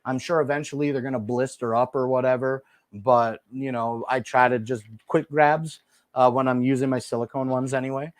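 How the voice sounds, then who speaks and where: A man's voice: medium pitch, fairly even intonation, normal speed, dry recording. Chatty guy selling gadgets on a livestream. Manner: chatty, hesitant with fillers, calls viewers dude and bro. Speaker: livestream shopping host. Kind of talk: casual product showcase livestream. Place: small room at a desk. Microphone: desk microphone.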